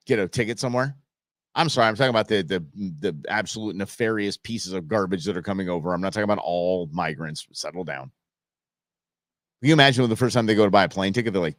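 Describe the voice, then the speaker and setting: A man's voice: lowish voice, dry recording, studio quality. A man hosting a live political commentary show, fired up and sarcastic, often restarting and repeating himself. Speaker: show host.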